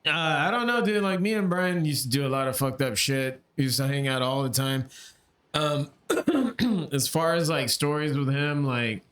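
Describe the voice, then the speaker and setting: A man's voice: on the high side, animated, moderate pace, fairly bright tone. A man with a slightly raised voice speaks in casual chat, hesitating and groping for words as he thinks back. His voice rings in an echoey room. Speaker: podcast guest.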